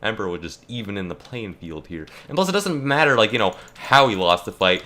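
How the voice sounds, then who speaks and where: A man's voice: mid-range voice, animated, fast talker, hardly any pauses, a bit bright. A young man ranting jokingly and rambling while he plays a video game, full of fillers and restarts. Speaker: gaming YouTuber. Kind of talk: casual rant while playing.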